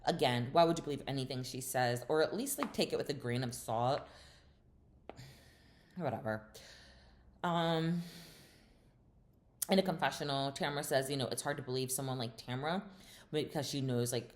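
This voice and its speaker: A woman's voice: very deep voice, normal speed, long pauses. A woman hosting a casual reality TV recap, chatty and opinionated, with lots of fillers and sassy asides.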